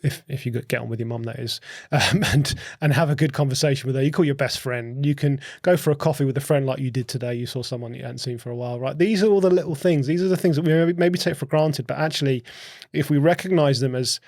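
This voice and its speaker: Man, gravelly voice, podcast guest, asks rhetorical questions, dry close sound. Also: medium pitch, fast, a little mellow, no echo. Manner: explains through rhetorical questions, repeats words while thinking. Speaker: podcast guest, host's husband. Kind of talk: casual conversational explaining.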